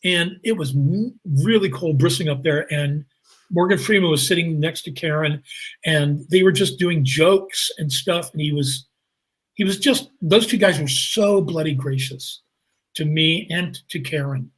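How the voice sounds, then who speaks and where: A male actor and comedian, a guest on the show, telling animated anecdotes and laughing through them. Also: on the high side, measured pace, slightly rough, rough recording. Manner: animated, jumps into voices, laughs through stories. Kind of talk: anecdotal storytelling.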